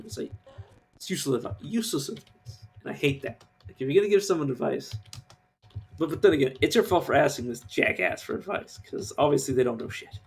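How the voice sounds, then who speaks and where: A man's voice: a little high, lively intonation, fast talker, vocal fry, darkish tone, slight background noise. A man streaming a game live, ranting casually with lots of swearing and filler words. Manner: rambling rant, swears, many fillers. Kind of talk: casual live-stream commentary while gaming.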